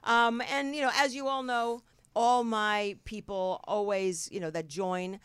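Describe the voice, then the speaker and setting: A woman's voice: medium pitch, fairly even intonation, measured pace, fairly bright tone, smooth, dry recording. A middle-aged woman from New Jersey with a New Jersey accent, hosting a talk show in a brash, rambling, swearing style. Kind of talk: casual chat.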